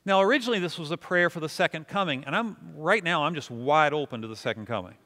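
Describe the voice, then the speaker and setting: A pastor teaches prayer to his congregation in a conversational, self-deprecating way, inviting the room to repeat words with him. His slightly high voice is animated, pushed, and bright, and he talks fast. The recording carries the long reverb of a hall.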